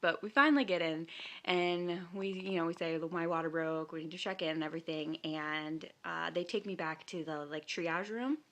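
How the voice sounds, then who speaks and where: Gravelly-voiced woman telling a story. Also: fairly low pitch, moderate pace, fairly bright tone. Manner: chatty, lots of fillers and laughs. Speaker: vlogger. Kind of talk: casual storytelling.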